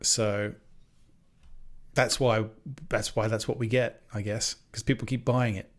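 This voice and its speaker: A man's voice: fairly low pitch, level tone, unhurried. A man co-hosting a podcast in casual chat, rambling and swearing freely, often correcting himself mid-sentence. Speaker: podcast co-host.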